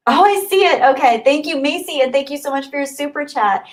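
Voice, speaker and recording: A young woman hosting a casual livestream, reading super chats and thanking viewers. She gushes and gets excited, and she thinks aloud as she scrolls the chat. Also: high-pitched, brisk. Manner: bubbly, gushing and excitable. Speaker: livestream host.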